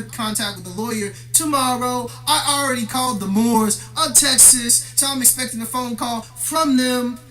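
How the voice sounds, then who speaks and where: A man with a bright, cutting tone that never softens, working through a long confrontational rant. He talks straight at the viewer, swearing freely and airing his grievances. Faint music plays somewhere behind him. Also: extremely high pitch. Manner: profane, aggrieved, confrontational. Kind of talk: ranting monologue to camera.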